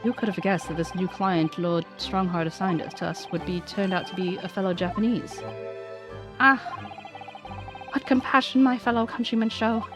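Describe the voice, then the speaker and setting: A woman's voice: mid-range voice, fairly even intonation, normal speed, over music, lightly acted. A woman voicing a dramatic young male foreign student, locked in prison, with a nasal put-on British accent and gushing, alliterative speech. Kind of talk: game dialogue read aloud.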